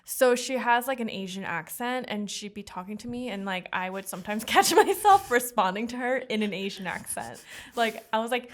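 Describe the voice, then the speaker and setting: A woman in her twenties co-hosting a casual podcast chat, giggly and animated as she tells stories. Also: fairly high pitch, moderate pace, a little hiss or hum. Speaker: podcast co-host.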